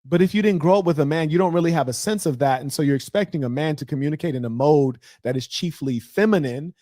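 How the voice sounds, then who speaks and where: A man's voice: fairly high pitch, quick pace, mellow, no room sound, studio quality. A man hosting a casual livestream, talking loosely with slang and mocking asides. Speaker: livestream host.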